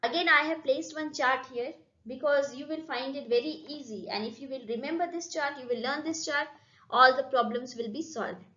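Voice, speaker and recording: High-voiced Indian English woman teaching grammar. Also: bright, forceful tone, roomy sound, highs cut off. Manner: slow, repetitive, addresses students with "okay?" and "right?". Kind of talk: classroom lesson explanation.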